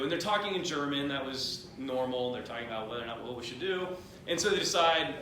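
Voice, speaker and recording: A man with a bright, forceful voice tells a history story at a party, rambling and joking as he acts out the people in it. The room is very echoey, with faint noise behind him. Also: on the high side, a little fast, few pauses. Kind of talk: comedic drunk history retelling.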